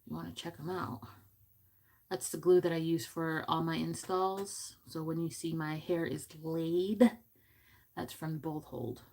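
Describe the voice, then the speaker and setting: A woman's voice: deep voice, flat delivery, measured pace, a little mellow. Chatty giggly woman vlogging makeup. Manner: chatty, giggly, goofy asides. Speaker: beauty vlogger. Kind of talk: casual makeup tutorial chat. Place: home room.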